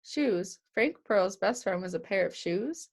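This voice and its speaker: A young woman reads a children's chapter book aloud, with a light vocal fry running through her words. She changes her voice for each character as she goes, keeping the kids listening. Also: medium pitch, measured pace. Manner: lively, puts on voices for the characters. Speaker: childcare staff reading aloud.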